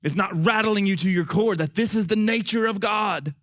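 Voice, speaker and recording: A man preaching a sermon in a high, bright, forceful voice. He is folksy and animated and keeps turning to his congregation. His voice is going hoarse and he is short of breath. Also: moderate pace.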